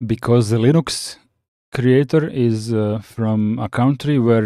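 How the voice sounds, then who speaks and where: A man chatting casually on a live stream, reading out viewer comments and answering with frequent pauses and restarts. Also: lowish voice, dark tone, no echo, clean studio sound. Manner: halting, many fillers and restarts, reads chat aloud.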